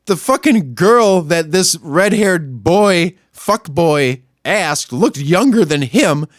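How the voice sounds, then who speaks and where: High-voiced man on a profane rant. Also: lively intonation, slow pace, no echo, clean studio sound. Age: adult, not much older than a young store clerk. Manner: angry, crude, swings between muttering and yelling. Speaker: podcast host. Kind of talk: profane ranting monologue.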